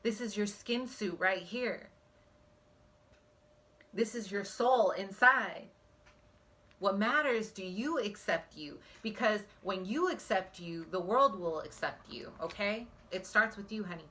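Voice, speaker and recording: A woman's voice: medium pitch, a little slow, bright, forceful tone. A woman giving a pick-a-card psychic reading on her phone, talking earnestly and emotionally straight to her viewers. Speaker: psychic tarot reader.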